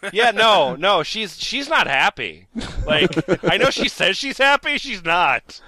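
A man hosting a comedic podcast, excitable and quick to burst into loud jokes and laughter. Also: high voice, no echo. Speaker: podcast host.

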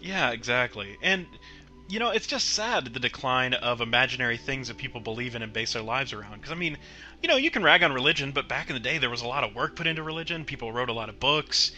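A man's voice: medium pitch, expressive, fast talker, pushed and bright, faint music behind. A man co-hosting a comedy podcast, rambling in a sardonic way. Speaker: podcast co-host.

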